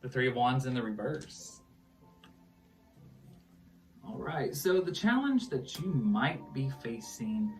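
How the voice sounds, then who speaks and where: Joking Midwestern man reading tarot. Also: medium pitch. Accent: Midwestern American. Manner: laughs often, loose and joking, swears casually. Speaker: tarot reader, co-host. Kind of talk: casual tarot reading chat. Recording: distant mic with music underneath.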